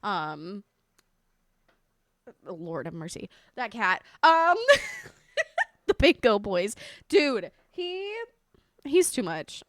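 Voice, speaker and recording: A woman's voice: mid-range voice, big pitch swings, extremely slow, long pauses, no echo, clean studio sound. A woman live streamer chatting casually with her viewers, scattered and talkative, thanking them often and swearing mildly.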